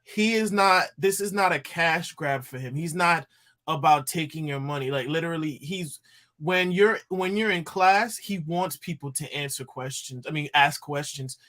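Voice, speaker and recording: A man's voice: fairly high pitch, moderate pace, bright, forceful tone. A man on a live audio panel, speaking earnestly in support of a friend. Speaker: panel guest. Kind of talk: casual live audio chat.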